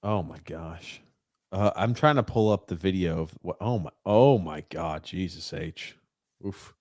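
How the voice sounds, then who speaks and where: A man co-hosting a casual sports podcast, animated and profane, teasing his partner and reading out listener comments. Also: low voice, unhurried, no echo, clean studio sound. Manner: animated, swings from loud excited jabs to mumbling while reading. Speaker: podcast co-host.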